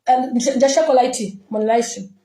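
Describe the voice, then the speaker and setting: A woman's voice: high-pitched, steady tone, moderate pace, warm tone, echoey room, poor audio. A woman from Zambia, giving an impassioned, scolding reaction rant full of rhetorical questions. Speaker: online commentator.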